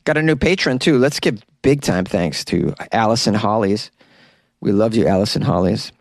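A man's voice: fairly low pitch, normal speed, dry recording. A man hosting his own podcast, chatting loosely and rambling, often stumbling and laughing at himself. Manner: rambling, loose, self-mocking, breaks into sung impressions. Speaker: podcast host. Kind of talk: casual podcast outro chat. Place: small closet.

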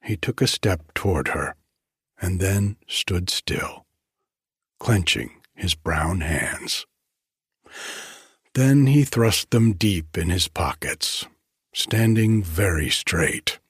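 Low, breathy, near-whispering male narrator. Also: expressive, takes it slowly, long pauses, fairly bright tone, dry recording, clean studio sound. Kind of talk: audiobook reading.

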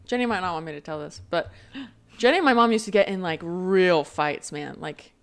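A young woman co-hosting a casual chat podcast, telling family stories in an animated way with plenty of fillers. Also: lowish voice. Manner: animated storytelling, quick laughs, filler-heavy. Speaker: podcast co-host.

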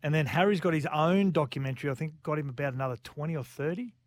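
A man co-hosts a sports radio show, answering in blunt, dismissive bursts. His fairly high voice sounds close and dry in the studio. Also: quick pace, no echo. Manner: blunt, dismissive, grumbling rebuttals. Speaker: radio co-host. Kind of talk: casual radio banter. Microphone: studio mic.

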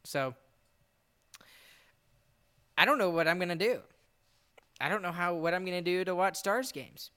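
A man's voice: high voice, unhurried, long pauses, bright, forceful tone, clean tone. A man hosting a casual sports podcast, rambling and exasperated, laughing now and then as he talks. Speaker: podcast host. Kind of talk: casual chat.

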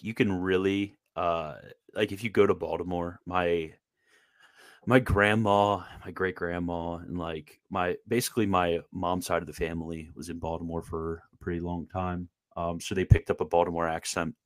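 Deep-voiced Maryland man rambling casually. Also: dry recording, studio quality. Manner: rambling, halting, lots of fillers and restarts. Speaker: podcast host. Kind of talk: casual chat.

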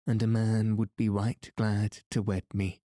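A man's voice: fairly low pitch, level tone, measured pace, dark tone, no room sound, clean studio sound, lightly acted. A man reading the part of a small, bold young noblewoman who teases and coaxes in old-fashioned speech. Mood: teasing. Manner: playful, coaxing.

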